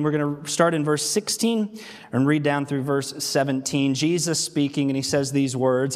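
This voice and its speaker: Male pastor, fairly high voice, sermon delivery, big church reverb. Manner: animated storytelling, slows for emphasis. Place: church sanctuary. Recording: long hall reverb.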